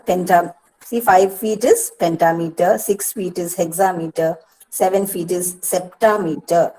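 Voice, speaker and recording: A woman with an Indian English accent giving a patient lecture to students, often pausing with "uh" and "see" and repeating key points. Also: lowish voice, mellow, low-quality recording. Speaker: English literature teacher. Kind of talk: online lecture on poetic meter.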